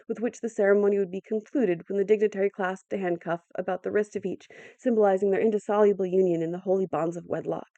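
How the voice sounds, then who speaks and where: A woman narrating an audiobook in a measured, dramatic storytelling manner. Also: medium pitch, warm tone, no echo, muffled recording. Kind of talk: audiobook reading.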